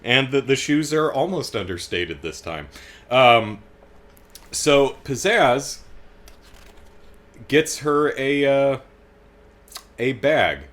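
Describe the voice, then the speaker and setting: A man's voice: medium pitch, animated, slow pace, pauses often, fairly bright tone. A middle-aged man hosting a casual commentary, chatting with frequent fillers and restarts and wry, amused asides. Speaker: host reading and discussing comics.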